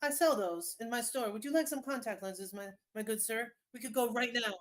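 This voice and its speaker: A woman's voice: a little high, brisk, voice pushed up, close to an everyday voice. A woman voicing a pushy, overly polite male salesman who is invisible. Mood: wheedling.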